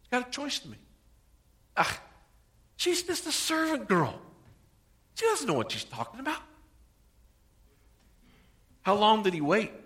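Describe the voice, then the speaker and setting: A man preaching a sermon, acting out the people in the story with swings between soft and loud delivery. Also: high-pitched, huge pitch swings, measured pace, pauses often. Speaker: pastor.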